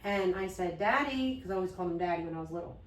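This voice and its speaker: Woman co-host, heartfelt and earnest, lower voice, echoey room, set back from the mic. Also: level tone, rapid-fire, darkish tone, distant mic. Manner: earnest, open, loses her train of thought. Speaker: podcast co-host. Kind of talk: heartfelt conversation about grief.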